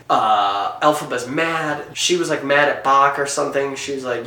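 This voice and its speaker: A man casually retelling a story as a joke, animated and joking. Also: mid-range voice, normal speed, reverberant, far from the mic, a little hiss or hum.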